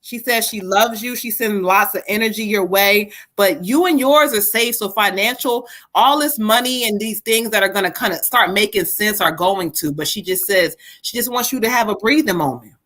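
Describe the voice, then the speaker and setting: A woman giving a live tarot reading, animated and folksy as she relays spirit messages. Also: medium pitch, normal speed, few pauses. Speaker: psychic reader.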